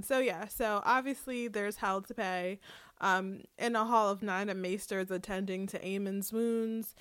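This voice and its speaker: A woman in a casual chat, retelling a TV episode in a chatty, animated way and acting out quotes. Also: medium pitch, no room sound, studio quality. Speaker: podcast co-host.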